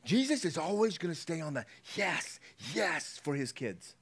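Animated preacher man, lively pitch. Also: normal speed, breathy edge. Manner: animated, swings between hushed and exclaiming. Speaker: pastor. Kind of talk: sermon.

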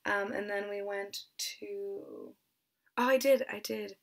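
A woman talks casually as a book vlogger, her mid-pitched voice full of gravelly vocal fry. She sounds a little out of breath and hesitant, tripping over names and slipping into whispered asides. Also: steady tone, slow. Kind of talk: casual chat.

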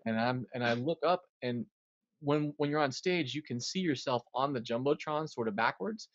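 A man's voice: mid-range voice, moderate pace, no room sound, muffled recording. A man, a drummer, telling a story in an interview and acting out the quotes. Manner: animated storyteller, acts out quotes.

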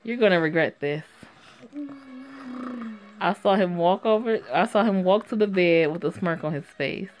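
A woman reading a story game aloud and reacting to it in a sassy, profane way that is quick to laugh. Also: lowish voice, slight background noise.

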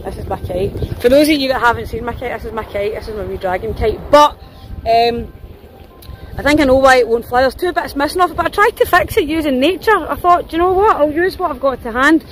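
A woman's voice: a little high, a little hiss or hum, poor audio. A woman vlogging casually while out walking her dogs, chatty and self-mocking, laughing often, recorded on a phone outdoors. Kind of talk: casual outdoor vlog chat. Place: windy open hillside outdoors.

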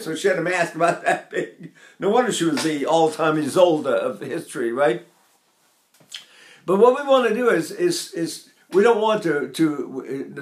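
Older male voice teacher in an echoey room. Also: on the high side. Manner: talks to his class, breaks into brief sung and nasal demonstrations. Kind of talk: vocal lesson with sung demonstrations.

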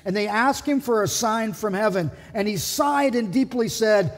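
A male pastor preaches in a church, his fairly high voice husky and a little breathy. He talks animatedly and slips into quoted voices. A long hall reverb trails his words. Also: normal speed, hardly any pauses. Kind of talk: sermon. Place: church sanctuary.

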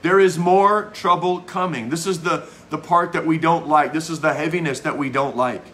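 A man's voice: fairly high pitch, steady tone, normal speed, fairly bright tone, a little hiss or hum. Fervent man preaching a sermon. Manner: fervent preaching, emphatic repetition. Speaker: pastor.

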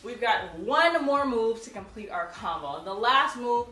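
A woman's voice: on the high side, expressive, moderate pace, sharp tone. Brief: woman instructor counting drills, echoey room, mic at a distance. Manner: counts out moves and cues students; chatty, laughs and jokes with viewers. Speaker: martial arts instructor. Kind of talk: instructional tutorial.

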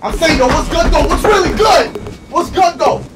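A man acting in a comedy skit inside a van, talking loudly in brash slang-heavy banter. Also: very high voice, expressive, normal speed. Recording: loud music over the voice.

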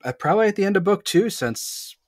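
A man's voice: high-pitched, lively intonation, brisk, dry recording. A man hosting a podcast interview, casual and enthusiastic, with short agreeing replies. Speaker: podcast host.

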